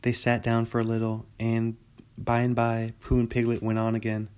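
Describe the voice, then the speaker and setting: A calm man reading an audiobook in a flat voice. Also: mid-range voice, normal speed, clean tone. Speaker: narrator. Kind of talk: audiobook narration.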